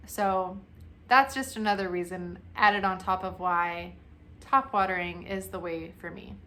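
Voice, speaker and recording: Bright, chatty young woman vlogging. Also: mid-range voice. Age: 20s. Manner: chatty, self-mocking, laughs often. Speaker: plant vlogger. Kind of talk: casual chat to camera.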